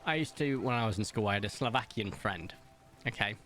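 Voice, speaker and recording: A man streaming a game, chatting casually, reading viewers' messages aloud and telling stories, with big playful jumps in pitch. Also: brisk, a bit bright, faint music behind. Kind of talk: casual chat while gaming, reading chat aloud.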